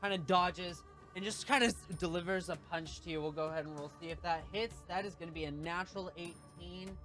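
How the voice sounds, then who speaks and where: A man's voice: sits high, steady tone, a little fast, pushed and bright, faint music behind. A man narrating as game master for a tabletop game, in a loose way with lots of fillers.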